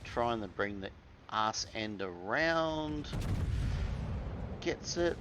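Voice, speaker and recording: A man's voice: lowish voice, lively intonation, drawn-out words, fairly bright tone, slight background noise. An Australian man giving casual, wry commentary over his own gameplay, full of crude slang.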